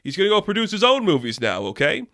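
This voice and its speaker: A man's voice: high-pitched, very animated, fast talker, bright, forceful tone, voice pushed up, full character voice. A man putting on the voice of a boastful older male film producer who brags and brushes off questions. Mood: smug bragging. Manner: cocky, dismissive, bragging.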